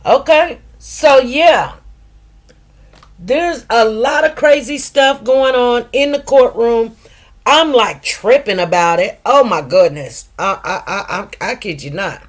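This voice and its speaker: A woman's voice: a little high, takes it slowly. Chatty middle-aged woman hosting a livestream. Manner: chatty, greets viewers by name, drawls some words. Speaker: livestream host. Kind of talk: casual livestream chat.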